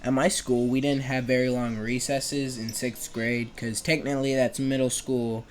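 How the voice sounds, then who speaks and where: A man's voice: medium pitch, little pitch movement, normal speed, a little hiss or hum. Young man telling school stories. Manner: chatty, sarcastic, acts out quoted voices. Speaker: animation storyteller. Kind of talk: comedic storytelling.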